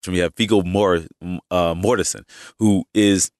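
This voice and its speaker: Male podcast host, very low pitch, dry room, loose chatty monologue full of restarts. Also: steady tone, normal speed, darkish tone, no echo. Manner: rambling, with frequent restarts and asides. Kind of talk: casual opinion monologue.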